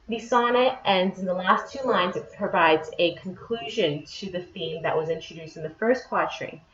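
A woman teacher explaining patiently, step by step, in a classroom lesson. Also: medium pitch. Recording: echoey, dull lo-fi room sound.

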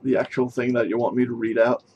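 A man's voice: mid-range voice, little pitch movement, fast talker, darkish tone, dull audio, a little hiss or hum. A male streamer chatting casually while gaming, reluctant and laughing a lot, with some swearing.

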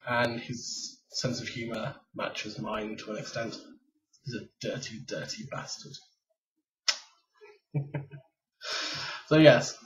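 A man's voice: mid-range voice, steady tone, slow pace, long pauses. A man of twenty-eight from England, chatting casually at home into a webcam, rambling and self-deprecating with lots of ums. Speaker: vlogger. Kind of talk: casual tag vlog chat. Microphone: webcam mic. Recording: dull lo-fi webcam sound, a bit far from the mic.

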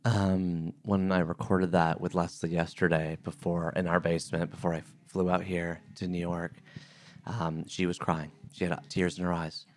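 A man hosting a podcast interview, chatty and animated. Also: low-pitched, normal speed. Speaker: podcast host. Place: Brooklyn brownstone.

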